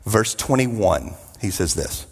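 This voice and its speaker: A man preaching a sermon, emphatic, with drawn-out repetitions and joking asides. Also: fairly low pitch, expressive, vocal fry, husky, big-room sound.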